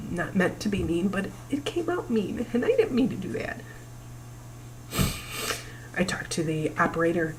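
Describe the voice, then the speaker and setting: A woman in her forties talking to camera about her family's past, emotional and halting, pausing often. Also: sits low, slight background noise, rough recording. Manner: emotional, halting, breaks down at times. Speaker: vlogger. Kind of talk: personal talk to camera.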